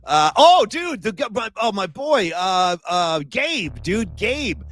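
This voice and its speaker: A man's voice: high voice, very animated, slow pace, a bit bright. A man hosting a podcast, chatting casually in a loose, joking, slangy way. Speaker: podcast host. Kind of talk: casual chat.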